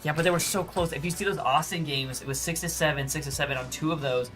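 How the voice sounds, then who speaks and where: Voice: mid-range voice, fast, a bit bright. A co-commentator talking through a live air hockey match. The speech is loose and rambling, full of fillers, over faint background music. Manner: rambling, casual, many fillers.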